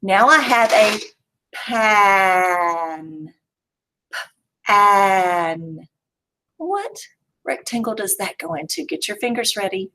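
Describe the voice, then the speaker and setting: A woman teacher leading a young children's phonics lesson, sounding out words slowly and playfully. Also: a little high, sing-song, a bit bright, slight background noise. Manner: slow, exaggerated sounding-out with playful reveals. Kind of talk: early-grade phonics lesson.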